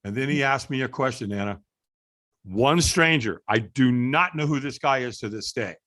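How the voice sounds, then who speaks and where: A middle-aged man telling a story as a guest on a podcast, animated and acting out the voices of people in the story. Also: mid-range voice, moderate pace. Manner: animated storyteller, acts out quoted dialogue. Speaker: guest, firewalk instructor.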